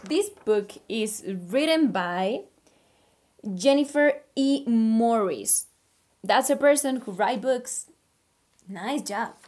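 Kindergarten teacher on a video call, woman, slightly high voice, slow and encouraging, reads picture books to little kids. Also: lively intonation, darkish tone. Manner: upbeat, encouraging, slow and clear for small children. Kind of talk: online class, reading a picture book aloud. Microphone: computer microphone on a video call.

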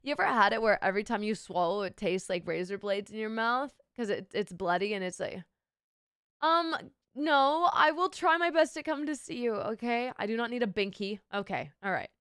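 A woman's voice: mid-range voice, expressive, normal speed, a bit bright, clean tone, dry recording, clean studio sound. A young woman streamer with a sick, sore throat, chatting playfully with her viewers and swearing freely. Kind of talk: casual live-stream chat with viewers.

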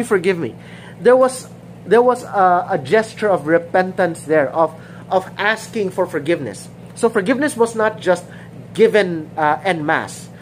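Woman Bible teacher, relaxed sermon delivery, repeats herself for emphasis, somewhat low voice. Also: slight background noise, poor audio. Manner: informal, repeats phrases, acts out quoted dialogue.

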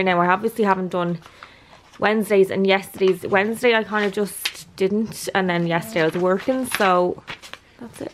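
A young woman, chatting casually to camera in a home vlog, rambling a little as she goes. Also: slight background noise. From Ireland. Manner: chatty, rambling, talks to her dog in a high cooing voice. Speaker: vlogger. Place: at home indoors.

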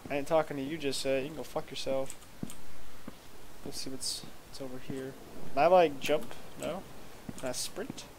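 A man's voice: medium pitch, steady tone, normal speed, pauses often, slight background noise. A man casually commenting on a video game, swearing freely, joking and muttering his reactions as he plays. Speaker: let's play host.

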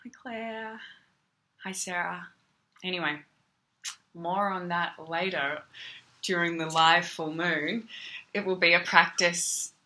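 A woman's voice: fairly low pitch, fairly even intonation, slow pace, pauses often, pushed and bright. An Australian woman teaching meditation on a casual livestream, chatty and greeting viewers by name. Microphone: phone.

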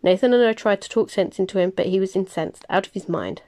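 A woman voicing a deferential male vampire underling, apologetic and rough-voiced, in a storybook reading. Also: medium pitch, fast talker, mellow, natural voice.

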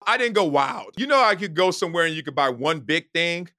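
A middle-aged man from Los Angeles, a guest telling stories in an animated way, laughing and acting out quotes with loud, high bursts. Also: brisk, dry recording, clean studio sound. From Los Angeles, United States. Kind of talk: animated storytelling.

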